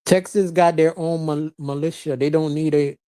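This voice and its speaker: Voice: medium pitch, dark tone. A live-stream host from Florida talking loosely and bluntly, laughing often and answering chat. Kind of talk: casual live-stream commentary, reading chat. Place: lives in Florida.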